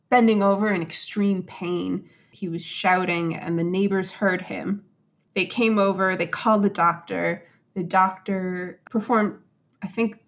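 Chatty woman retelling a true story. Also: lowish voice. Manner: animated, acts out quotes in voices. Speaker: podcast host. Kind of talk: casual storytelling chat.

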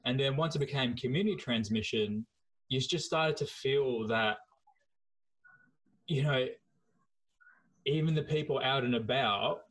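An Australian man of middle pitch hosts a podcast in a relaxed, offhand way. He talks conversationally and swears now and then. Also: low-quality recording. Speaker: podcast host.

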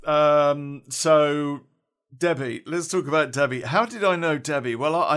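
A man's voice: mid-range voice, a bit bright. A middle-aged man, telling a rambling personal story in casual speech, often chuckling and dropping salty slang. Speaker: podcast storyteller.

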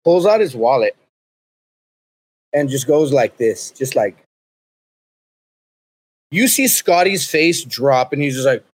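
A man, a podcast guest, telling a rambling, profanity-heavy comedic story in a loose, animated way. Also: medium pitch, takes it slowly, long pauses, slightly rough.

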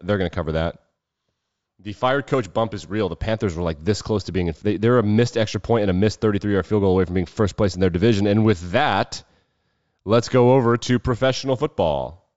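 Host type, low-voiced guy, loose and cussy sports picks, dry dull mic. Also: fairly quick, a little mellow, no echo. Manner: loose, irreverent, swears freely. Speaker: sports betting show host. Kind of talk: casual sports talk.

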